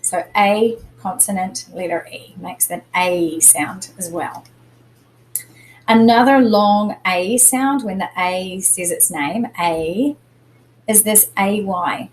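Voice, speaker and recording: A woman teacher talking to young students in a recorded lesson, at a middle pitch. She speaks patiently and says each example word several times to show its stress. Faint noise sits under her voice. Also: poor audio. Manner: slow, patient, repeats words to show stress.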